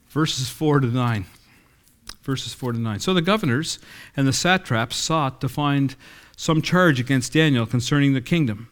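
A middle-aged man preaching a sermon in a conversational way, reading scripture and acting out quoted dialogue. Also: mid-range voice.

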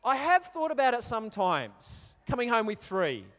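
High-voiced Australian pastor in a hall. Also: male voice, huge pitch swings, moderate pace, fairly bright tone. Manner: chatty, storytelling, asks the crowd questions. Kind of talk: sermon. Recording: reverberant hall.

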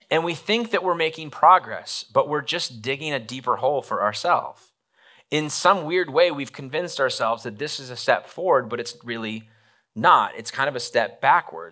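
Bright-voiced man preaching conversationally. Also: medium pitch. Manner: conversational, animated, acts out quoted lines. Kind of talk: sermon.

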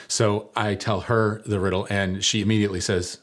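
A man's voice: on the low side, fairly even intonation, brisk. A middle-aged man preaching a sermon, telling a story in a conversational, self-deprecating way.

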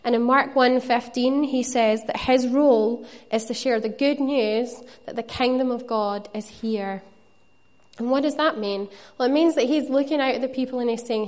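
A woman's voice: fairly high pitch, steady tone, moderate pace. A woman preaching a sermon, earnest and conversational, with playful asides to the congregation.

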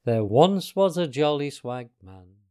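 A man's voice: fairly high pitch, very animated, a little slow, mellow, clear, resonant tone. A man doing an eager young boy.

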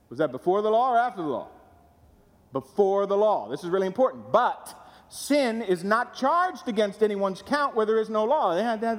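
A male pastor preaching a sermon in a conversational, animated way, putting questions to his congregation. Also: high voice. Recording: long hall reverb.

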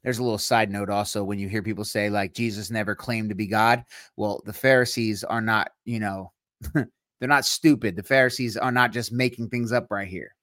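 A male podcast co-host reading Bible verses aloud slowly, then explaining them in quick casual asides. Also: fairly low pitch, fairly even intonation, fairly bright tone, dry recording, studio quality. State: tired, yawning.

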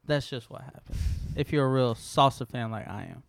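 A woman's voice: very deep voice, moderate pace, vocal fry, dry recording, clean studio sound. A young woman co-hosting a podcast, telling stories in loose, casual chat full of swearing. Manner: loose, profane storytelling. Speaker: podcast co-host.

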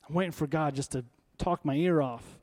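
Male pastor, slightly high-pitched voice, conversational emphatic sermon delivery. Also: moderate pace, a little mellow. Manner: conversational, emphatic preaching with rhetorical questions.

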